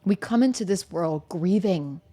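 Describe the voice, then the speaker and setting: A woman's voice: lowish voice, animated, moderate pace, dark tone. A woman co-hosting a podcast, talking openly and earthily about her own experiences, swearing casually and laughing often. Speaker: podcast co-host. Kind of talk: candid conversational chat.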